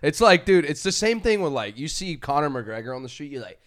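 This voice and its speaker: A man's voice: a little high, sing-song, fairly quick, fairly bright tone, no echo. Young man, podcast co-host, slangy joking banter, dry close mic. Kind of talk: casual podcast chat.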